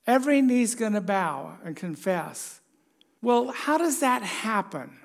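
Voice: medium pitch, big pitch swings, measured pace, vocal fry. A pastor giving a conversational sermon, chatty and joking, putting questions to the congregation.

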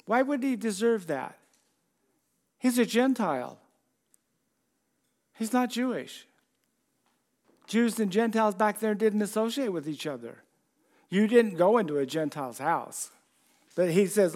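A man's voice: high-pitched, expressive, a little slow, pauses often, a little mellow. A man preaching a sermon in church, talking casually and asking the congregation questions. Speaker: pastor.

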